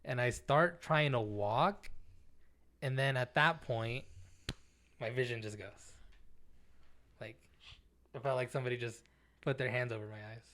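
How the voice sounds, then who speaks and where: Pausing often and talking a little slowly, a young man with a medium-pitched voice co-hosts a podcast and relates a story. He curses without restraint and performs other people's lines with lively energy.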